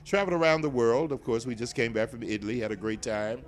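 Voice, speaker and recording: This older man from Nashville talks fast in a mid-range voice, his Southern accent clear as he playfully teases during a casual interview at an indoor event venue. He's the guest, with a TV show host also present.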